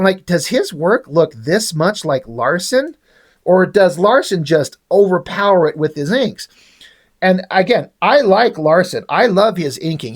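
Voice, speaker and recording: A man casually reviewing a comic book, rambling and swearing freely, often restarting his sentences. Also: high-pitched.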